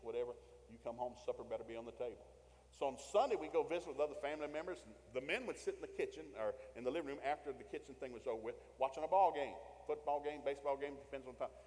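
Animated preacher in a big hall. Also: male voice, mid-range voice. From American South. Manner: storytelling preacher, swings from hushed to loud and animated. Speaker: pastor. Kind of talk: sermon.

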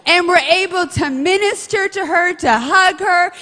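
A woman's voice: very high-pitched, a little slow, sharp tone, long reverb tail. A woman leading a church announcement and prayer, speaking in an earnest, heartfelt way. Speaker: church ministry leader. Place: church sanctuary.

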